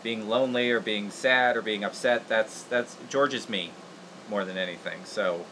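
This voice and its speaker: Guy hosting a puppet making stream, chatty and rambly, laughs at himself, bright clear voice. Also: fairly low pitch, moderate pace, slight background noise, poor audio. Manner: rambling, laughing, self-deprecating. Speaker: puppeteer host. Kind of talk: casual livestream tutorial.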